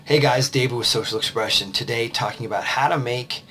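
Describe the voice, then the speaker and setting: Tired coach, casual and rambling. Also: male voice, medium pitch, brisk, bright, forceful tone, faint music behind. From United States. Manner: conversational, loose, with fillers and restarts. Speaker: confidence coach. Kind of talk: casual advice vlog.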